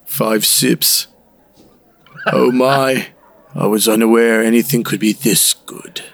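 A man voicing Angus, a gruff Scottish whisky judge, with a put-on Scottish accent. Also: mid-range voice, steady tone, takes it slowly, no room sound, voice pushed down. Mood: mock-serious. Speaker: co-host.

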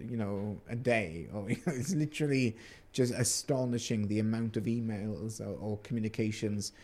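A man's voice: medium pitch, dark tone. Chatty joking man co-hosting. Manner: chatty, joking asides, frequent restarts. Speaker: podcast co-host. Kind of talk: casual news chat.

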